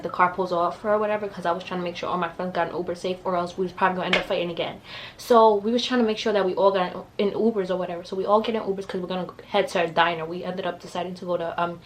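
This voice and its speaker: A young woman telling a story to camera in a casual, profane, animated way. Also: fairly low pitch. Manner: animated, profane, acts out quotes in raised voices. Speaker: vlogger.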